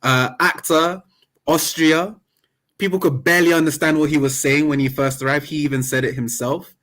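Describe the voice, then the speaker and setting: A man's voice: a little high, normal speed. Talkative man guest. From Nigerian background. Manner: animated and talkative, jokes and laughs. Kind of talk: casual interview chat.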